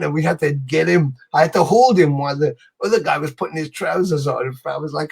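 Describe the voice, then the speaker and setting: A man guest telling animated, sweary anecdotes over a video call. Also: fairly high pitch, quick pace, vocal fry, hardly any pauses, slightly rough. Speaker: musician guest. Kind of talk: casual storytelling.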